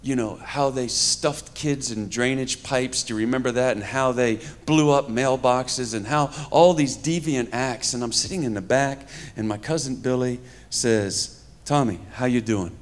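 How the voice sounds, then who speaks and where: A man's voice: mid-range voice, measured pace. A man in his fifties from New York, preaching a conversational sermon with humor and stories, talking to a live audience. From New York, USA. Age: 50s. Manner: humorous, storytelling, addresses the audience. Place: church hall with a live audience.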